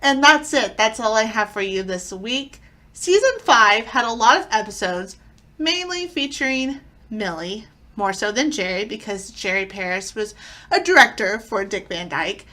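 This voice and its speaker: A woman's voice: mid-range voice, expressive, normal speed, sharp tone. A woman hosting her own video, reviewing old TV episodes in a chatty, conversational way. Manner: chatty, conversational, loosely paced. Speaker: video host.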